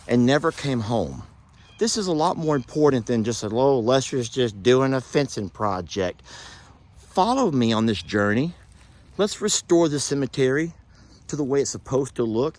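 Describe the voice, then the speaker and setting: A man hosting an outdoor vlog, talking in a slow, heartfelt, folksy way. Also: mid-range voice. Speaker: channel host. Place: outdoors in wooded cemetery.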